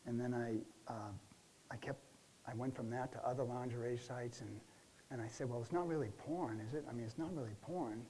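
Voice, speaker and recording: A man playing a shaken, halting client. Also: mid-range voice, mellow, slight background noise, close to an everyday voice, low-quality recording. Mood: ashamed. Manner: halting, many restarts and fillers. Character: stressed middle-aged man recounting a relapse. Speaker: role-play client. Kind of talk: counseling role-play.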